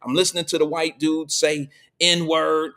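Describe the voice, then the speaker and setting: A man's voice: on the high side, flat delivery, measured pace, a bit bright. Slangy man preaching on a live show. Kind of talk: casual monologue to a live audience.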